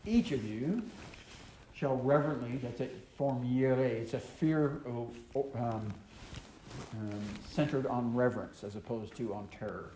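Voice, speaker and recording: A man's voice: medium pitch, measured pace, mellow. A man teaches a Torah portion, reading verses aloud and explaining them with frequent ums and uhs. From American South. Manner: reads scripture aloud then explains it, with many ums and uhs. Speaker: Bible teacher. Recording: echoey room with faint noise.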